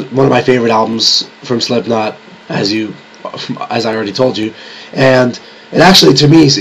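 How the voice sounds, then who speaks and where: A man's voice: medium pitch, creaky, a little hiss or hum, poor audio. A young man with a slightly sick voice, reviewing games and albums in a rambling, casual way and restarting his sentences often. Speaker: YouTube reviewer.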